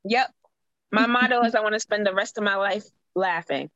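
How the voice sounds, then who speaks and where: Bright-voiced woman from Boston. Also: medium pitch, moderate pace, no room sound, highs cut off. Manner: laid-back, firm, jokey. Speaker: podcast guest. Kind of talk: casual podcast chat.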